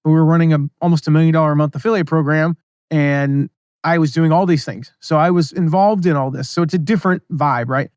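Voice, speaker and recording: A man hosting a solo business podcast, talking casually and reading his own emails aloud with quick asides. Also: on the high side, steady tone, a little mellow, clear, resonant tone, dry recording, studio quality. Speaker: podcast host.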